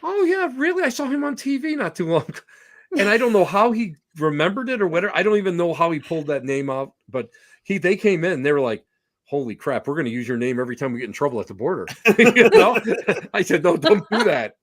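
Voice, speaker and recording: A man with a slightly high voice and a very lively, swooping delivery, telling road stories as a podcast guest. He slips into other people's voices as he tells them. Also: fairly quick. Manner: animated, acts out voices in anecdotes. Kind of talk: casual storytelling on a podcast.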